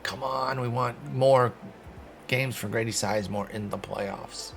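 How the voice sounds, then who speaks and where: A man giving casual, excitable commentary while playing a sports video game, talking to his viewers and mocking himself. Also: mid-range voice, a little slow, vocal fry, music in the background. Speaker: gaming video host.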